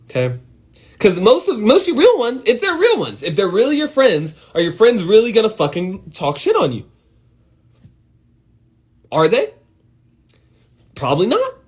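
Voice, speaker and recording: A young man with a lively, swinging voice giving a casual motivational monologue on a live stream, cursing freely and jumping from loud outbursts to low muttering. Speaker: host of an Instagram live stream.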